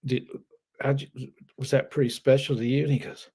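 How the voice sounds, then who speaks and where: A man co-hosting a betting podcast, telling an animated story in casual chat, swearing now and then and laughing. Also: medium pitch, moderate pace, creaky, husky. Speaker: co-host.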